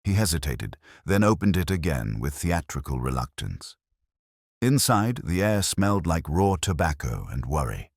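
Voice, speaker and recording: A man's voice: a bass voice, big pitch swings, normal speed, dry recording, clean studio sound. A man narrating a hardboiled mystery in a wry, clipped first-person delivery.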